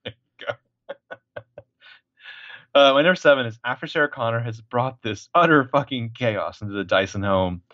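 Profane animated man on a dull podcast recording. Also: mid-range voice, normal speed, long pauses, no room sound. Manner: animated, profane, acts out lines. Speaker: podcast co-host. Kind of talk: casual movie discussion.

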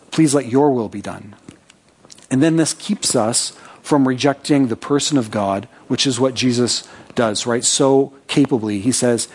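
A man's voice: medium pitch, darkish tone, breathy edge. Man preaching a conversational sermon. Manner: conversational preaching with frequent "right?" check-ins; reads scripture aloud with asides. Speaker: pastor.

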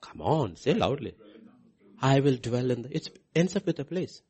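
A man preaching a sermon as pastor, swinging between hushed lines and loud, high outbursts. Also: big pitch swings, normal speed, slightly rough.

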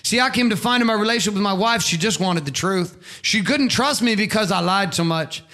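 High, bright-voiced impassioned male speaker. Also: lively intonation, a little fast. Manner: preachy, emphatic, swears freely. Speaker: motivational speaker. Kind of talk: impassioned motivational monologue.

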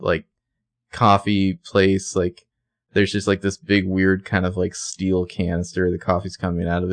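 A man's voice: low voice, dry recording. A man co-hosting a podcast, chatting casually and enthusiastically about a TV episode's look and details, with lots of "like". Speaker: podcast co-host. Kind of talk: casual recap chat.

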